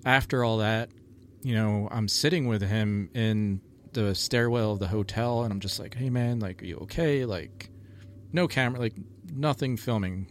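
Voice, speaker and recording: A man's voice: on the low side, normal speed, slight background noise. A man, a paranormal TV investigator, telling stories in a rambling casual chat full of "like" and "you know".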